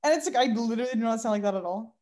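Ranting young woman, fairly high voice. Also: rapid-fire. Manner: ranting, animated storytelling about customers. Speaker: podcast co-host. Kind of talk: casual chat.

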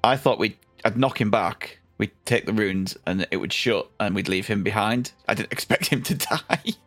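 A man player explaining his game moves quickly and with laughter. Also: fairly low pitch, a bit bright, dry recording, soft background music. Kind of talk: casual chat.

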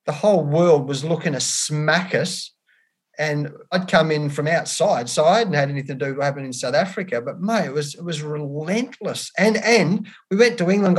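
A middle-aged man with an Australian accent speaks earnestly, his voice sitting on the higher side for a man. He circles back over his words and drops a friendly "mate" into his answers. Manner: earnest, repeats words, says "mate" often. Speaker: cricket head coach, guest. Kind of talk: candid interview answers.

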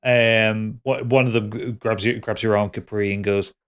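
A man's voice: lowish voice, steady tone, normal speed, fairly bright tone, smooth. Man running a tabletop game. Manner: rambling, restarts mid-sentence, laughs with players. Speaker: game master.

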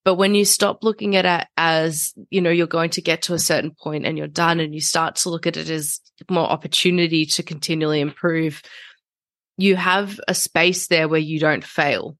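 A woman hosts a podcast in a relaxed, conversational way, bubbling with enthusiasm and ready laughter. Her voice sits on the lower side, and the sound is dry and close with no room around it. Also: normal speed, dry recording. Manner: gushing, enthusiastic, frequent laughter. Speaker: podcast host. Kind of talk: casual interview chat.

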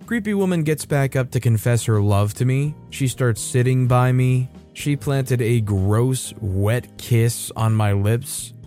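A man reading online stories aloud in an even, conversational way. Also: mid-range voice. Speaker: story narrator. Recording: faint background music. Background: soft background music.

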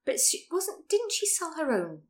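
A woman's voice: very high-pitched, wildly swooping pitch, moderate pace, slight background noise. A woman, co-hosting a casual chat and mostly responding with short agreements and questions. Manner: responsive listener, short backchannels. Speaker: podcast co-host.

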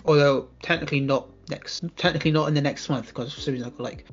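A young man co-hosting a casual chat podcast, talking about work in a relaxed, hesitant way with many ums. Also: a little high, quick pace, dull audio, faint music behind. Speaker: podcast co-host.

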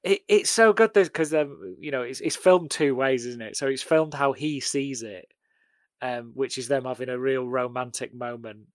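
A man's voice: mid-range voice, moderate pace, dry recording. Giggly man chatting about a film, dry sound. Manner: giggly, conversational, full of fillers. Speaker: podcast co-host. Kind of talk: casual film discussion.

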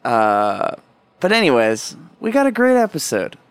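A man's voice: medium pitch, wildly swooping pitch, a little slow, clean tone, no room sound. A man hosting a casual podcast, rambling and self-deprecating, swearing offhandedly. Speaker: podcast host.

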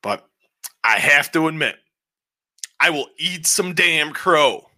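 Podcast co-host, male, bright voice, slightly high, loose rambling review with cursing. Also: slow. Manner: rambling, animated recaps with frequent swearing. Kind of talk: casual show review chat.

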